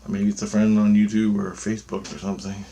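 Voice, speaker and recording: Man with a lowish voice, casual vlog monologue, profane and meandering. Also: flat delivery, quick pace, mellow. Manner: loose, profane, meandering storytelling. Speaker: vlogger.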